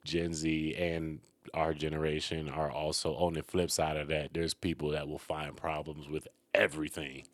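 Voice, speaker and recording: A man's voice: extremely low pitch, little pitch movement, normal speed, hardly any pauses, no room sound. A man, a comedian, co-hosting a casual podcast chat, joking and riffing with frequent profanity.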